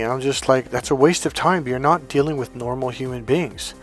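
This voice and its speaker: Man, mid-range voice, casual coaching talk, animated anecdotes, soft music bed. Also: mid-range voice, fairly quick, hardly any pauses. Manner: animated storytelling, acting out quoted dialogue. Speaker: life coach. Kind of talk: casual monologue to camera.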